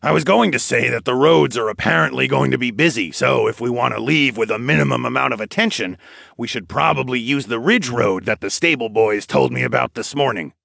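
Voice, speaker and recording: A man voicing Darwin, a calm, practical adult man explaining plans in an audiobook. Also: mid-range voice, a little fast, creaky, dry recording, clean studio sound, voice pushed up. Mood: matter-of-fact. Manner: matter-of-fact, explaining plans.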